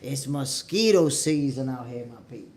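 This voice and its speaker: A man from New York City with a New York accent, hosting a boxing show as a casual livestream chat from home, animated and talking straight to his viewers. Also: medium pitch, moderate pace. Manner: animated, repeats himself, talks straight to viewers. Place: home, at the Dominican Republic.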